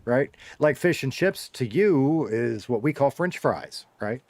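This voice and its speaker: A middle-aged man with a Southern drawl talks casually to his viewers, rambling and joking through old stories. His voice sits at an ordinary middle pitch. The sound is dry and close, with no room echo. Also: lively intonation, unhurried, darkish tone. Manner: joking, rambling storyteller who slides his drawl heavier or lighter. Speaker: streamer reading chat. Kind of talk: casual chat with a live audience.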